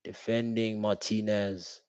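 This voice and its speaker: A young man giving casual, slangy live reaction commentary while watching a football match, calling out the referee loudly. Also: fairly low pitch, level tone, slow, clear, resonant tone. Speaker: football watch-along streamer. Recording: dull, dry home stream audio.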